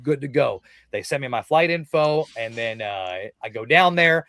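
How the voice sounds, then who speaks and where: Excitable man swearing through a story. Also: mid-range voice, normal speed, no echo. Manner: excitable, swears a lot, acts out quotes. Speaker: podcast guest. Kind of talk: casual storytelling.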